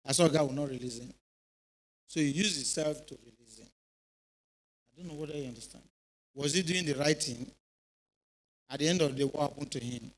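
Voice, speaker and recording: Nigerian man giving an animated talk. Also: fairly high pitch, brisk, pauses often, rough recording. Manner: animated storytelling, keeps checking in with listeners. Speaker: retired police officer speaking at a youth event. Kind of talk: informal speech to a youth audience. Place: church hall.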